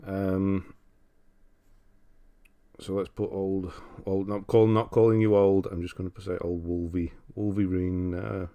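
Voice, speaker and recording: A man's voice: deep voice, flat delivery, measured pace, mellow. A man from Britain hosting a casual livestream, reading viewer comments aloud and laughing often. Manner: chatty, laughs often, reads chat aloud. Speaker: livestream host.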